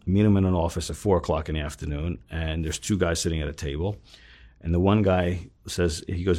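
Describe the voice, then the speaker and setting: A man with a low voice speaks fairly quickly as an interview guest telling his story. He acts out scenes with quoted dialogue, swears freely, and turns intense and emphatic when upset.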